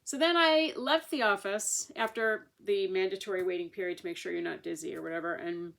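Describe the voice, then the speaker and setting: A woman's voice: lowish voice, level tone, fairly quick, gravelly. A woman, casually telling a long personal story to camera in a chatty, rambling way. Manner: chatty, rambling with many restarts and fillers. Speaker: vlogger sharing a patient's experience.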